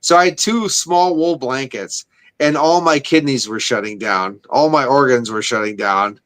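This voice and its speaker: A man's voice: mid-range voice, moderate pace, a bit bright, clear, resonant tone. A man co-hosting a podcast, telling rambling, profane stories in casual chat. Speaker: podcast co-host.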